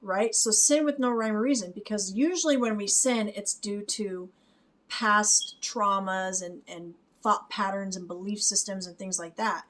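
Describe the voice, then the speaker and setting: A woman who is a spiritual reader talks through a music video, explaining it softly and often checking in with "okay?" and light laughs. Her voice is mid-range and a little slow, with slight background noise.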